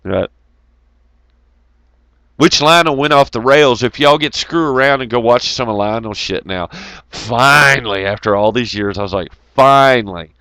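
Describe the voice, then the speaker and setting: Profane ranting man, lively pitch. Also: clear, resonant tone, dry recording. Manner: swearing, heated and mocking, breaks into laughs. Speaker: host of an online talk show.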